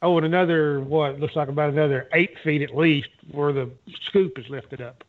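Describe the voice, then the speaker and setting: Male phone guest, slightly high voice, easygoing and plain-spoken. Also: fairly even intonation, moderate pace. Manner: chuckling, plain-spoken, estimating. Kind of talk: casual chat. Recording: tinny phone line.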